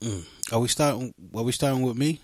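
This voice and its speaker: A man's voice: mid-range voice, brisk, no echo, clean studio sound. A man hosting a casual talk radio show, playful and loose, often repeating himself as he talks.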